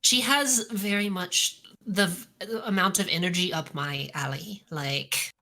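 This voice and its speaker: A woman on a podcast, chatting in an animated, giggly way and acting out characters' lines. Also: lowish voice, unhurried. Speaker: podcast co-host. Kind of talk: casual chat.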